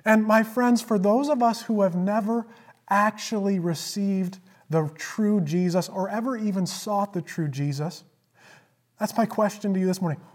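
A pastor preaching a sermon, retelling a story with emphatic repetition and swings from loud emphasis to hushed asides. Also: mid-range voice, moderate pace.

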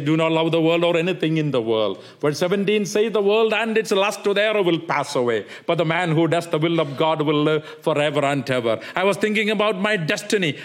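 A middle-aged man from southern India with a South Indian accent, giving an earnest personal testimony at a church pulpit as a guest missionary. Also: high voice. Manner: earnest, with filler pauses and restarts.

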